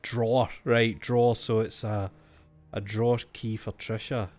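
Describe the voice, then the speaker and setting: A man's voice: lowish voice, level tone, measured pace, a little mellow, faint music behind. A young Scottish man streaming a mystery game, reading its notes aloud and cracking jokes, swearing freely. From Scotland. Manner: swears freely, reads game text aloud, joking asides. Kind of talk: livestream gameplay commentary.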